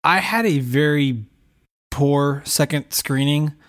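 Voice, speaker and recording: Animated storytelling man, slightly high voice. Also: slow. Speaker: podcast co-host. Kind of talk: casual chat.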